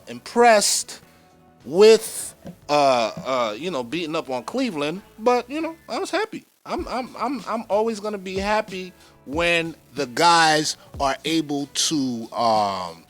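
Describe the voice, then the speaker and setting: A man hosting a fan podcast, giving casual basketball commentary in an animated way, repeating phrases for emphasis and speaking straight to his viewers. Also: fairly high pitch. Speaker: podcast host.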